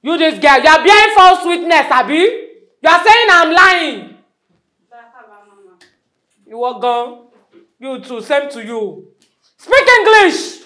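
Woman as a strict Nigerian schoolteacher in a comedy skit, high sharp bright voice, mocking and scolding. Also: lively intonation, takes it slowly, long pauses, exaggerated voice. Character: strict, scornful female schoolteacher. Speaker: comedy sketch actor.

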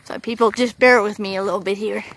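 A woman vlogging outdoors at a fairground, gushing with excitement, whooping and repeating her exclamations while filming on a handheld camera. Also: mid-range voice, fast talker, a little hiss or hum. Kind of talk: casual vlog commentary while filming.

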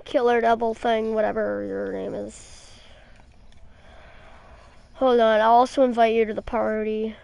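A woman's voice: a little high, flat delivery, a little slow, gravelly, pauses often, darkish tone, no echo. A woman doing casual gaming commentary, playfully trash-talking and exclaiming at the screen. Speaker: gamer streaming a baseball game.

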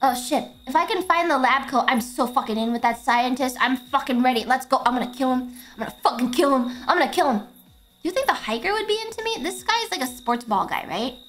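A young woman streamer chatting excitedly while playing a game, giggling and swearing freely. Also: high voice, fairly quick, faint music behind. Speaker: VTuber streamer. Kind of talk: casual gameplay commentary.

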